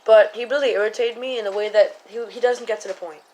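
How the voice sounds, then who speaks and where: A woman's voice: on the high side, fairly even intonation, fast, a little mellow, rough recording. A woman giving casual commentary to camera, rambling with many fillers and often stopping to correct herself. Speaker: political vlogger.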